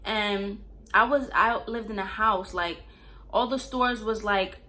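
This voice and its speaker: A woman's voice: mid-range voice, fairly even intonation, slow, sharp tone. A young woman from Queens, telling a rambling, profane storytime in casual slang. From Queens, New York. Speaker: storyteller vlogger.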